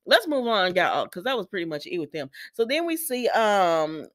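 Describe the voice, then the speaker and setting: A woman's voice: medium pitch, sing-song, normal speed, no echo, studio quality. A woman recapping a soap opera in a chatty vlog, talking straight to her viewers. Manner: chatty, addresses viewers directly. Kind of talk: casual chat.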